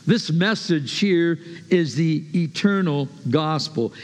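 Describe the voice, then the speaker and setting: A man preaching a sermon, emphatic and repetitive, swinging between hushed lines and loud bursts. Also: on the high side, expressive, takes it slowly, in a large hall. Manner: emphatic, repeats phrases, shifts from hushed to loud.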